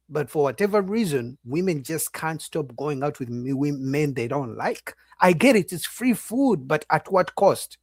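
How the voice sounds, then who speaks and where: A man's voice: fairly high pitch, no room sound, clean studio sound. A man giving opinionated reaction commentary, lecturing his viewers.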